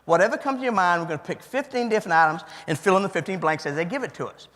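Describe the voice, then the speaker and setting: Rapid-fire delivery in a high, slightly bright voice marks this man's keynote speech, recorded with hall reverb. His Cajun accent colors a folksy, chatty style as he interacts with the crowd and repeats their answers back to them.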